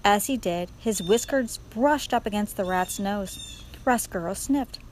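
A woman narrating a storybook with an expressive, warm-hearted read-aloud delivery, her voice at a mid pitch. She speaks directly to the listener, pausing for effect. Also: slight background noise, low-quality recording. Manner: expressive, addresses the reader directly. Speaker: reader.

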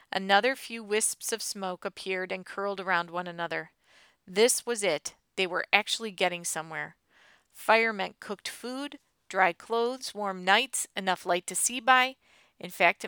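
A woman reads an adventure story aloud with expressive storytelling. Her voice is bright and crisp, close to the mic in a dry studio sound. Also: mid-range voice, no room sound. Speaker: audiobook narrator. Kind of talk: scripted narration.

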